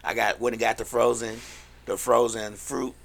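Gravelly, laughing, profane man co-host. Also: medium pitch, little pitch movement, moderate pace. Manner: loud, blunt and profane, laughs often. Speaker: podcast co-host. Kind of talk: casual chat.

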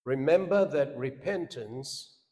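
A man preaching a sermon, swinging from loud, emphatic cries down to quiet asides. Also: mid-range voice, slow. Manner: preaching with dramatic rises into shouts and drops to a hush. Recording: long hall reverb.

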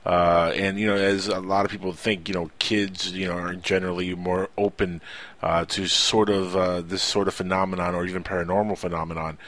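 A male host asking thoughtful questions, pausing with fillers. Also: sits low, little pitch movement, fairly bright tone. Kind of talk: interview chat.

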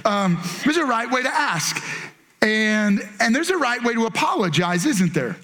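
A man in his thirties preaching a sermon as pastor, playful and animated, acting out family moments. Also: very high-pitched, moderate pace. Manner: playful, animated storytelling with acted-out quotes.

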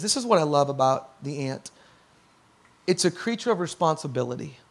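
High-voiced animated pastor in his thirties. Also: moderate pace, vocal fry. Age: 30s. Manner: animated, acts out quotes, rises to near-shouts on key points. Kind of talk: sermon.

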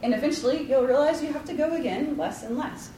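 A Bible study leader with a fairly high voice gives a casual devotional talk at a quick pace, rambling warmly with likes and ums and a self-deprecating touch. She's far from the mic in a roomy, echoey space with a faint hum of ambience.

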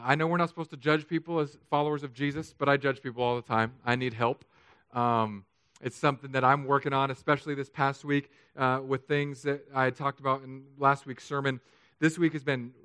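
A man preaching a sermon as pastor, candid and self-deprecating, moving between quiet confiding stretches and emphatic raised passages. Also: mid-range voice, fairly even intonation, moderate pace, clear, resonant tone, no room sound.

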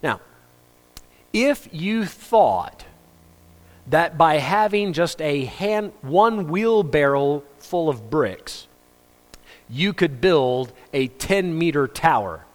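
Joking pastor in an echoing hall. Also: male voice, a little high. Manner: conversational, joking, acts out quoted voices. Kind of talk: sermon. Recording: long reverb of a hall.

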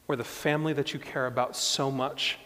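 A man preaching a sermon as a pastor, moving from quiet, reflective passages to loud, emphatic stretches. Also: medium pitch, flat delivery, fairly quick, in a large hall.

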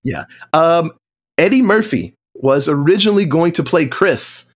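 A man talking through film trivia in a relaxed podcast chat, with a slightly higher voice than most men. He tells it with animated energy and often jumps into exaggerated quoted voices. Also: a little slow. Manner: animated storytelling, acting out quotes in shifting voices. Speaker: podcast co-host or guest. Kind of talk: casual movie discussion.

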